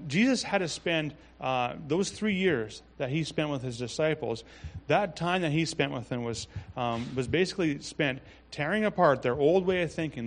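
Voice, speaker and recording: A pastor preaching a sermon in a relaxed, conversational way, reading scripture and adding asides. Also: male voice, on the high side. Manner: conversational, with frequent restarts and asides.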